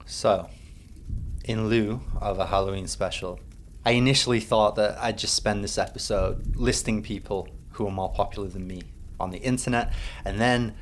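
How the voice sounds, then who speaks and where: A man with an English accent hosting a podcast, delivering a bitter, deadpan comic monologue. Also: on the low side, normal speed, a little hiss or hum. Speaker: podcast host. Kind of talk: sardonic comedic monologue.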